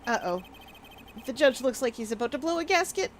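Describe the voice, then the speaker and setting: A woman's voice: high voice, sing-song, brisk. A woman streamer chatting casually with her viewers, bubbly and rambling, laughing often. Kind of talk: casual live-stream chat.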